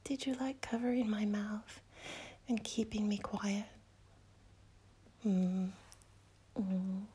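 A woman speaking in a whispered role-play, breathing her words softly and intimately between quiet murmurs. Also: medium pitch, slow, breathy edge.

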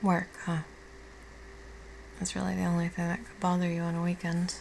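A woman playing a caring girlfriend who has just woken up, speaking softly and reassuringly with casual swearing in an audio role-play. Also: fairly low pitch, monotone, normal speed, creaky, slight background noise, rough recording. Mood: tender. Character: affectionate young woman, the listener's caring girlfriend.

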